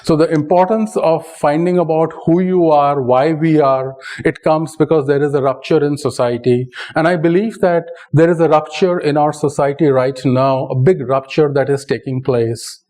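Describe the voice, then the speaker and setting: Indian man lecturing in a mellow voice. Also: a little high, low-quality recording. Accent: Indian English. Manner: conversational, often adds "right?". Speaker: speaker giving a talk. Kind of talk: public lecture with anecdotes.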